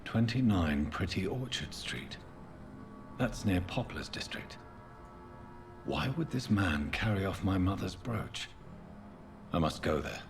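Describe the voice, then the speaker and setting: A grim, deep-voiced vampire doctor. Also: male voice, expressive, music in the background, exaggerated voice. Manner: solemn, measured, low-key. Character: grim, brooding young male vampire doctor. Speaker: game protagonist.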